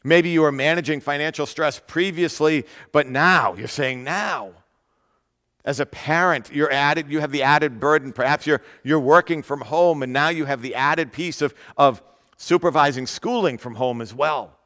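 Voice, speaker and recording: A man preaching a sermon in an earnest way, repeating key phrases and slowing down to stress them. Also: fairly high pitch, a bit bright, in a large hall. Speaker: pastor.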